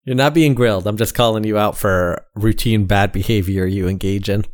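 A man's voice: on the low side, normal speed, dry recording. A man co-hosting a podcast, bantering casually and needling his co-host with sarcastic jabs. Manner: teasing, sarcastic.

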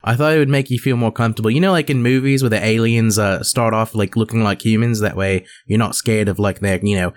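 Man playing a clueless British guy, low voice, rambling, slipping accent, improvised comedy bit. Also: fairly even intonation, fast talker, hardly any pauses, dry recording, natural voice. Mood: bumbling. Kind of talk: improvised comedy role-play.

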